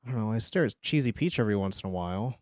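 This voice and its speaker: A man streaming live, chatting casually and joking as he reacts, laughing often and breaking into excited bursts. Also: lowish voice, very fast, no room sound, clean studio sound. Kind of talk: casual live-stream commentary while drawing.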